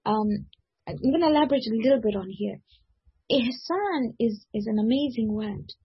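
A woman's gravelly, very husky voice, middle-aged and pitched a little high. She teaches a Quran commentary, rattling off recited verses and then slowing down to explain them. The recording is dull and lo-fi. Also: expressive. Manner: explains warmly, weaving quick recited verses into slower English explanation. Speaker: religious teacher.

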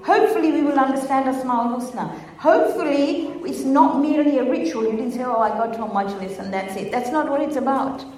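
A woman's voice: high voice, brisk, hardly any pauses, darkish tone. A woman giving a religious talk to a gathering, speaking conversationally and asking the audience questions. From Gujarati-speaking community. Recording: echoey hall, voice from far off.

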